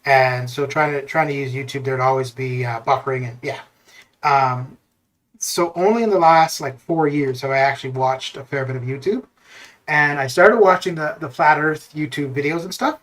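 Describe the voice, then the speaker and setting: Medium in pitch, fairly bright, and at a normal speed, this Canadian man's voice comes through Discord voice chat. He's streaming a game and chatting casually, rambling, laughing often, and frequently restarting.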